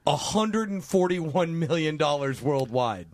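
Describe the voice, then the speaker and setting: A man's voice: fairly high pitch, expressive, measured pace, no room sound. A man co-hosting a podcast, bantering casually and launching into mock-serious rants. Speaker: podcast co-host.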